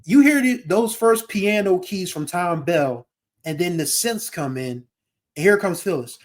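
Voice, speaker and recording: A man hosts a casual music podcast in a slightly high voice. He talks in a heartfelt, rambling way, circling back on his thoughts and now and then singing a line of a song. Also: expressive, a little slow. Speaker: podcast host.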